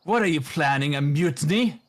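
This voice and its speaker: A man's voice: on the high side, animated, brisk. A man voicing a scheming, shrouded male cultist puppet in a tabletop game's puppet play. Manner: scheming, sly.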